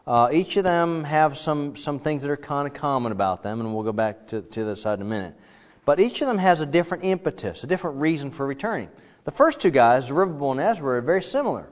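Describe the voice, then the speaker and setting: A middle-aged man teaching a Bible class in a casual, animated way, acting out the quoted dialogue. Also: on the high side, fast. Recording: dull lo-fi sound with long reverb.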